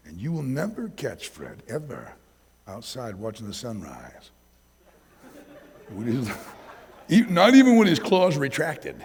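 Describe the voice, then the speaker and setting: A man preaching a sermon as pastor, telling animated stories about his pets, in a church hall with long reverb. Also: mid-range voice, unhurried, long pauses, husky. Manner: anecdotal, animated storytelling.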